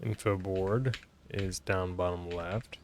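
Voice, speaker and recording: A man's voice: low-pitched, fairly even intonation, slow, slight background noise. A man giving casual let's-play commentary, sounding tired and mumbly, with offhand swearing. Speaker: gaming streamer.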